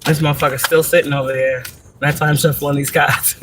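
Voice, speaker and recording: A woman vlogging from a parked car in a casual, rambling monologue, profane and animated, laughing often as she tells stories. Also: deep voice, normal speed, a little hiss or hum. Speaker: spiritual reader and vlogger.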